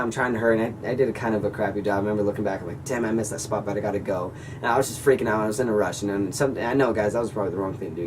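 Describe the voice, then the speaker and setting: A man's voice: fairly low pitch, recorded from a distance, background noise. A young man in his late teens telling a story in a casual vlog, rambling with lots of fillers and self-corrections. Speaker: vlogger.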